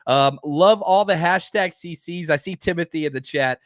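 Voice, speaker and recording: A man hosting a live podcast, talking fast and excitedly with lots of fillers, rambling from one point to the next. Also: on the high side, no echo, studio quality. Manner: enthusiastic, rambling with many fillers. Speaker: podcast host. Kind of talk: live-stream podcast chat.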